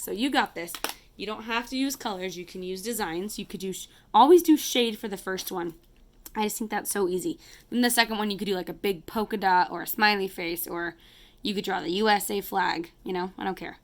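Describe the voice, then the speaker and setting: Lady teacher walking kids thru fractions, chatty, says sorry a lot, counts out loud, mid pitch. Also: fairly quick. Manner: chatty, apologetic, talks while coloring and counting aloud. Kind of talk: casual math lesson to kids.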